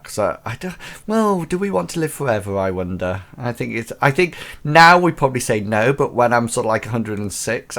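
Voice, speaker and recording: Guy waffling on as a show host, average pitch, chatty and loose. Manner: chatty, waffling, full of restarts and fillers. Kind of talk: rambling live show monologue.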